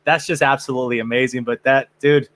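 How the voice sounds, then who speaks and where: A man hosting a podcast in casual chat, excitable and quick to swear, with many restarts. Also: medium pitch. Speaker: podcast host.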